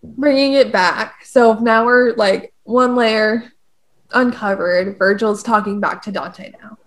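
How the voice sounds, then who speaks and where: A woman's voice: a little high, slow pace. A young woman co-hosting, casually explaining a classic poem in a slangy, joking way. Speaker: co-host.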